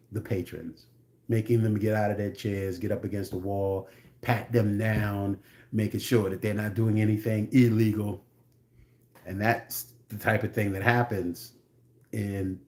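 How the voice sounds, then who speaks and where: A man's voice: lowish voice, darkish tone. A man reviewing a film, retelling the plot in a casual, blunt way with frank asides.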